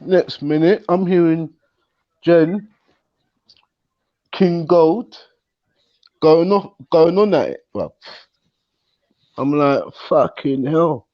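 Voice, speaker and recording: A man's voice: on the high side, animated, very slow, long pauses. Man, panel guest, slangy and laid-back, a bit muffled line. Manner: laid-back, slangy, says "bro" a lot. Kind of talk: casual live-stream panel chat. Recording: slightly muffled call audio.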